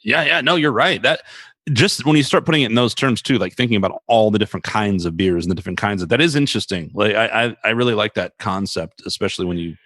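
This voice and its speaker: Fast-rambling male podcast host. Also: on the low side, fairly bright tone, no echo, studio quality. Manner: rambling, quick and loose. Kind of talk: casual chat.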